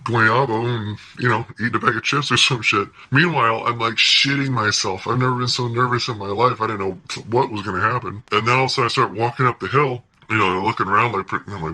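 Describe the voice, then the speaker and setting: A man recounts a story from his own life in relaxed, profanity-laced vlog talk. His voice is strikingly bright and strained, with a husky, rough grain. He keeps the delivery animated and often breaks into laughter between lines. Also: medium pitch, a little fast, few pauses, poor audio. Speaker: vlogger telling a personal story.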